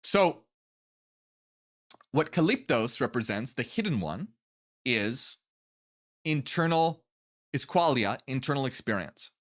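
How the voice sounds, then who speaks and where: A man's voice: medium pitch, lively intonation, slow, pauses often. A man giving a solo explanatory lecture as the channel's host, earnest and step by step, checking in with the listener as he goes.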